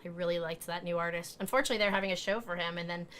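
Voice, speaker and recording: A middle-aged American woman co-hosting a live stream, chatting in a lively way and laughing often. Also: fairly low pitch, very fast, a little hiss or hum. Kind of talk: casual chat.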